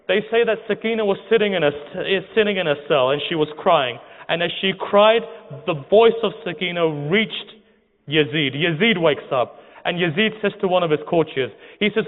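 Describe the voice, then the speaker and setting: A man's voice: high voice, lively intonation, moderate pace. Mournful male preacher, tinny hall sound. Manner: dramatic, mournful, asks the audience rhetorical questions. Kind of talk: emotional religious sermon storytelling.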